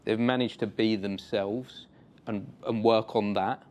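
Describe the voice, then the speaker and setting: A man hosts a conversation, thinking aloud in a calm, reflective way. He agrees often and backs up his guest with soft murmurs of assent. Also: lowish voice, a little slow. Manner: reflective, agreeing, gentle backchannel. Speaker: host. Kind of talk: interview conversation. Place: theatre.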